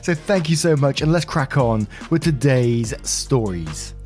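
A man's voice: mid-range voice, lively intonation, unhurried, a little mellow, faint music behind. A man hosting a channel, casually reading aloud online stories about neighbours in a chatty, friendly way.

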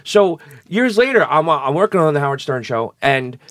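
A man's voice: a little high, big pitch swings, brisk, a bit bright, dry recording. Rambling, crude-talking man, dry sound. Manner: rambling storyteller, crude, swears, many restarts. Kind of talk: casual chat.

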